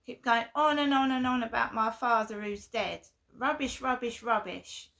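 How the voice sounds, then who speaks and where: Woman vlogger, gravelly and bright, emphatic, aggrieved venting monologue. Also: on the high side, moderate pace.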